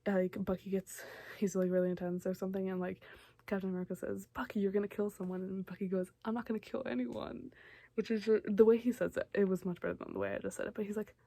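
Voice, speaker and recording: Young woman, casual chatty recap, lots of fillers, mellow tone, vocal fry. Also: mid-range voice, flat delivery, fast talker. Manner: chatty, full of fillers and asides. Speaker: vlogger recapping films.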